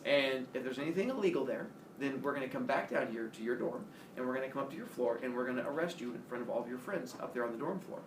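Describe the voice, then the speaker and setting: A fast-talking man with a mid-range voice barely pauses as he casually shares a personal story as host, animatedly acting out each quoted voice. The background is noisy, and he sounds distant in an echoey room with faint ambience.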